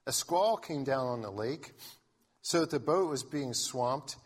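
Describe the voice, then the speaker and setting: A man's voice: mid-range voice, lively intonation, measured pace, husky. A man pastor giving a sermon in a conversational way, reading scripture aloud and often restarting his sentences. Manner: conversational preaching with frequent restarts.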